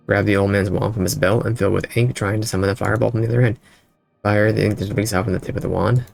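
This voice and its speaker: A man's voice: on the low side, fairly even intonation, fast, vocal fry, faint music behind. A male streamer reading a text game aloud in his own voice, with casual asides between the lines.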